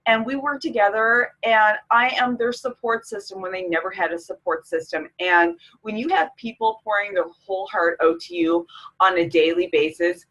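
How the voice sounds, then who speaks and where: A woman's voice: on the low side, a bit bright, poor audio. Tearful middle-aged woman from Canada. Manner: emotional, tearful, candid. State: close to tears. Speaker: fitness coach. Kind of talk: personal vlog talk to camera.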